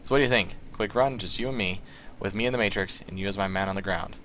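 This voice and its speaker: A man voicing a nervous, indebted male hacker with a put-on Southern accent, talking in halting, filler-heavy bursts. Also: lowish voice, fairly bright tone, slight background noise, natural voice. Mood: scheming.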